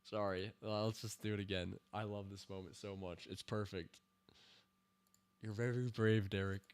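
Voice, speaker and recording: Excitable man reacting loudly during a stream. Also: on the low side, moderate pace, clear, resonant tone. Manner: excitable, bursts into laughing shouts and cheers; rambling with fillers and asides. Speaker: show host reviewing a TV season. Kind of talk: casual stream commentary.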